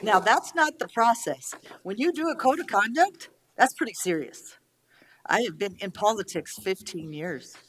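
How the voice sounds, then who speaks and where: A woman's voice: mid-range voice, animated, fairly bright tone, slight background noise. Angry, blunt woman at a public meeting. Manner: blunt, angry, swears, rapid rebuttals. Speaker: county commissioner. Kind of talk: heated speech at a public meeting.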